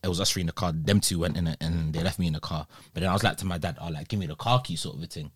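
A man's voice: low voice, fairly even intonation, racing, husky, dry recording, clean studio sound. A young man in his twenties with a London accent, telling a story in casual, slang-heavy chat.

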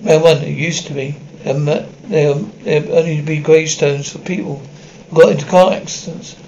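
A man reading as a gruff local villager. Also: a little high, fairly even intonation, moderate pace, lo-fi sound, slight background noise, natural voice. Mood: matter-of-fact. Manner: plain, quiet reading with stumbles.

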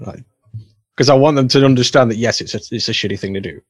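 A man's voice: mid-range voice, fast, husky, no room sound. A man from the UK in his thirties, chatting casually as a podcast co-host, blunt and sweary with dry humor. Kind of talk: casual chat.

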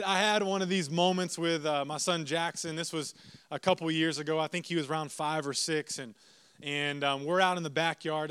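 A man in his thirties preaches a sermon, moving between prayer and lively storytelling aimed at the pews. His voice is smooth and ringing, and it sits a little high for a man. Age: 30s. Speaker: pastor.

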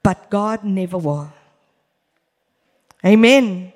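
A woman preaching a church sermon in an emphatic, deliberate way, speaking straight to her congregation. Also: mid-range voice, animated, darkish tone. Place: church hall. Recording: long hall reverb.

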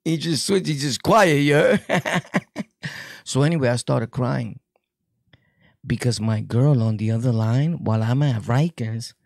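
A man's voice: medium pitch, unhurried, vocal fry, pauses often, no echo, studio quality. A man with a New York accent telling prison stories in a casual, joking way, laughing often and using heavy street slang. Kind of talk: casual storytelling to camera.

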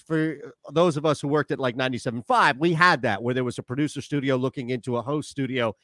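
A man's voice: mid-range voice, fast talker, no echo. A man co-hosting a sports radio show from Philadelphia, telling stories casually with laughs. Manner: animated anecdote-telling with laughs. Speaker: radio co-host.

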